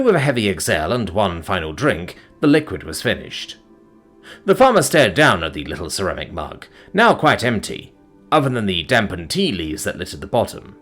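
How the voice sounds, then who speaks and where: Low-voiced male story narrator. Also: a bit bright.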